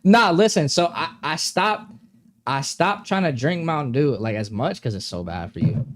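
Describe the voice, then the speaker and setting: A man's voice: fairly high pitch, expressive, normal speed, slight background noise. A young man hosting a live stream, chatting casually with viewers in a laid-back, slangy way and laughing often.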